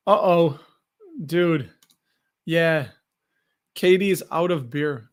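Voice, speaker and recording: A man's voice: fairly high pitch, extremely slow, long pauses. An American man hosting a live investing stream, chatting loosely and reading viewer comments aloud. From United States. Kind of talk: casual live-stream chat.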